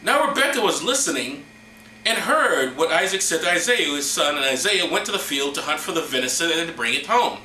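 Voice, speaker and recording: A man hosting a comedy show, reading scripture in a hammy, mock-solemn way with deadpan asides. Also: on the high side, brisk, roomy sound, a little hiss or hum, rough recording. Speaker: host.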